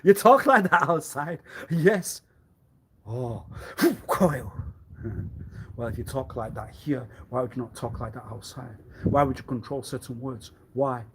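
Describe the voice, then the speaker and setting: A man rambling alone on a livestream in a meandering way, repeating himself and often clearing his throat. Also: mid-range voice, unhurried, background noise. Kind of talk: rambling solo livestream monologue.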